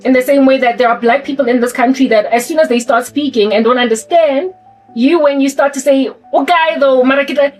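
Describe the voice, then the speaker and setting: A woman's voice: sits high, fairly quick, a little mellow. A South African woman talking in a casual, rambling monologue and thinking aloud as she goes. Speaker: vlogger. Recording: distant mic with faint music.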